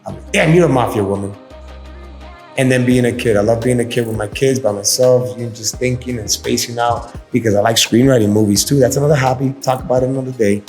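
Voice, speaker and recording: A man's voice: mid-range voice, steady tone, fast talker, hardly any pauses, a little mellow. A man hosting a casual podcast monologue, laid-back and earnest, slipping into Spanish phrases. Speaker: podcast host. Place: inside his community shop. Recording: roomy sound with faint background music.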